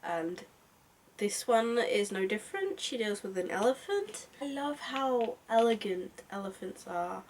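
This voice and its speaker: A young woman giving a casual book review, chatty and excitable with lots of asides. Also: mid-range voice, a little slow, slight background noise. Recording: voice a bit far from mic.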